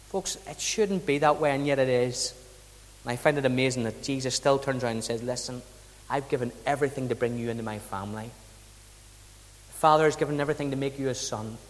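Irish male preacher, raised-pitch voice, conversational storytelling sermon, reverberant hall. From south of Ireland. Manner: storytelling, conversational with rhetorical questions. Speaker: pastor.

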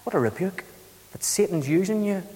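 A man preaching a sermon, telling Bible stories in a lively, dramatic way with big swings between loud and quiet. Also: high voice, normal speed, big-room sound.

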